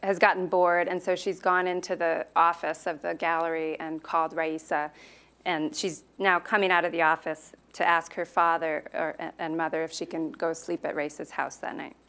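A woman reading aloud from her novel in a steady narrating voice. Between passages she adds relaxed, slightly hesitant asides. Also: deep voice, moderate pace, clear, resonant tone.

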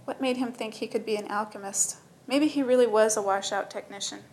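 A woman narrating a story in a steady, matter-of-fact reading voice. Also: a little high, brisk, slight background noise, rough recording.

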